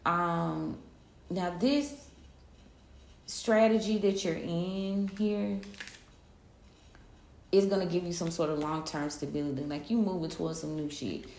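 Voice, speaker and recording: A woman with a low, gravelly voice gives a casual tarot reading full of slang and pep-talk encouragement. The sound is echoey, as if from a bare room. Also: measured pace, long pauses, a little mellow, a little hiss or hum. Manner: loose, slangy pep-talk delivery with frequent laughs. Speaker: tarot reader.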